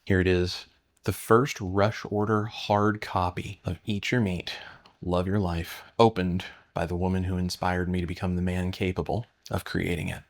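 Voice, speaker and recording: A man with a very low voice speaks in an earnest, steady, understated way. He is the host of a cooking channel. He chats casually and from the heart about the work behind a book. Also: moderate pace. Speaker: cookbook author and channel host.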